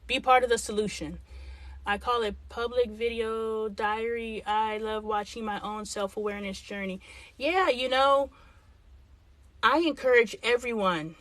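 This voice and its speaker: A woman's voice: on the high side, unhurried, fairly bright tone, dry recording. A middle-aged woman hosting a livestream, chatting frankly and thinking aloud as she answers viewers' comments. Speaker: livestream host. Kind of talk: casual livestream chat reading comments.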